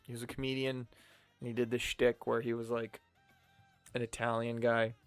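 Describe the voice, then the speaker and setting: Man with a smooth, clear voice. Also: medium pitch, little pitch movement, moderate pace. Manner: rambling, self-amused asides. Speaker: streamer. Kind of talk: casual gameplay commentary. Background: faint game music.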